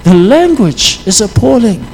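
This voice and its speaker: A man preaching a sermon, impassioned, his voice rising into loud prayerful pleas. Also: high voice, sing-song, a little slow, vocal fry, a little hiss or hum, poor audio.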